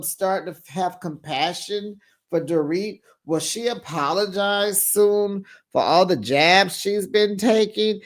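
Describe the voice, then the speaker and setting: A reality TV recap host giving casual commentary, talking straight to the cast and acting out their lines. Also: mid-range voice. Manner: animated, talks straight to the show's cast; acts out cast members' lines in quick put-on voices.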